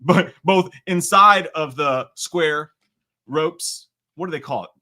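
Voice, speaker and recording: A man's voice: a little high, slow. Rambling, self-mocking male livestream host. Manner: rambling, self-mocking, jumps between loud outbursts and quiet asides. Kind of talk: solo livestream chat reading viewer comments.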